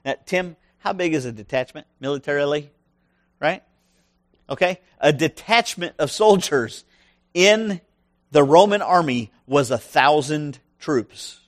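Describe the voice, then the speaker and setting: A man's voice: a little high, expressive, unhurried. A man preaching a sermon who reads a scripture passage aloud and then explains it, stressing his points and checking in with the listeners. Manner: emphatic, asks the listeners questions.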